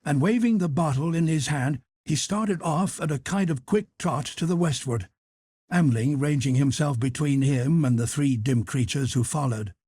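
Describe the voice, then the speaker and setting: A man reads a classic novel aloud in a measured, steady narration. His voice sits a little high for a man and is recorded dry and close, with no room sound. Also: slightly rough, dry recording. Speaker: audiobook narrator. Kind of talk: scripted narration.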